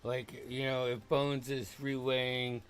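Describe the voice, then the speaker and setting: A man playing a tabletop game, unhurried and asking questions as he goes. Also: mid-range voice, flat delivery, a bit bright, slight background noise. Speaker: player. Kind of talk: casual tabletop game play.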